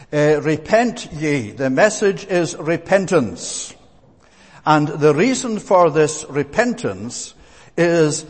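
A man's voice: on the high side, a little mellow. Emphatic preacher man in a reverberant hall. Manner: earnest, emphatic, with frequent "eh" fillers and restarts. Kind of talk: sermon.

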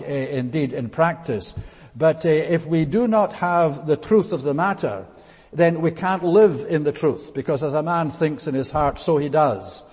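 Husky preacher in a reverberant hall. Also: male voice, a little high, mellow. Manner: deliberate, teacherly, with frequent "uh" fillers. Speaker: pastor. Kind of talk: expository Bible sermon.

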